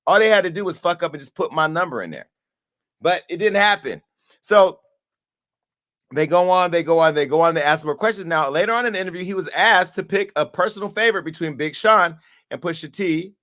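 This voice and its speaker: A man hosting a talk show, commenting on interview clips and spinning animated, profane stories. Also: high voice, a little fast. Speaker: show host.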